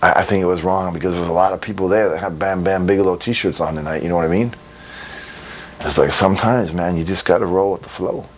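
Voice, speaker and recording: A man's voice: sits low, fast, slight background noise. A man giving a blunt, rambling interview, swearing freely and laughing between stories. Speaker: interviewee, wrestler. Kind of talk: casual profane interview. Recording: recorded in 2002.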